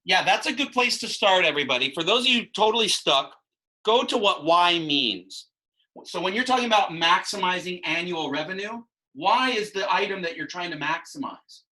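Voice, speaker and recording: A man's voice: sits high, lively intonation, moderate pace, pushed and bright, low-quality recording. A man teaching a math class, explaining ideas with frequent restarts and asides. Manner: explanatory, rambling with many restarts. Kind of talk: classroom instruction.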